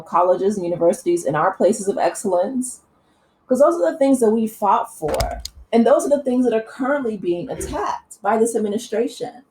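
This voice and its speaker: A woman's voice: mid-range voice, mellow, poor audio. Woman vlogger ranting earnestly about a celeb, lots of you knows and ums. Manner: impassioned, earnest, many fillers. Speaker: commentary vlogger. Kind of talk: opinion commentary.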